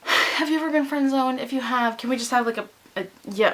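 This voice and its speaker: A young woman with a high, bright voice chats straight to camera in a casual vlog. She tells her story with animation and acts out what others said in quick bits. Her delivery stays lively and conversational. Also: slight background noise. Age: young adult. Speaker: vlogger.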